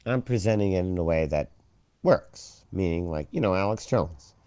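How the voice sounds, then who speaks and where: A man hosting a profane conspiracy chat show, ranting and swearing, now and then shouting mockery. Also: low-pitched, expressive, normal speed, clear, resonant tone, no room sound, lo-fi sound. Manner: ranting, swears a lot, swings loud and mocking.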